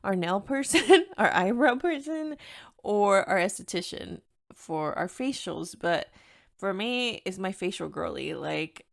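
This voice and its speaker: A woman's voice: mid-range voice, expressive, unhurried, vocal fry. A young woman with a Mexican-American accent chats through her solo podcast, candid and easygoing. She drops Spanish into her English as it comes to her and laughs often along the way. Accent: Mexican-American English with Spanish code-switching. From United States, Mexican-American. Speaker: podcast host. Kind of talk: casual solo podcast chat.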